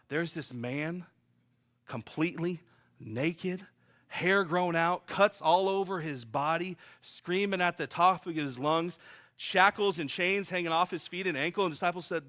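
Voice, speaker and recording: A man's voice: fairly high pitch, fairly bright tone. A man preaching a sermon and sharing his own testimony, telling stories in a vivid, earnest, emphatic way.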